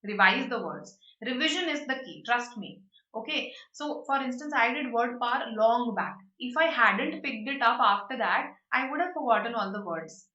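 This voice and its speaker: A woman teaches an online vocabulary class, explaining words in a lively way and checking in with her students as she goes. Her voice is bright and fairly high. The sound is roomy and dull, as if she is sitting a little back from the mic. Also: normal speed, recorded from a distance. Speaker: online exam-prep teacher. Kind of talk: live online vocabulary lesson.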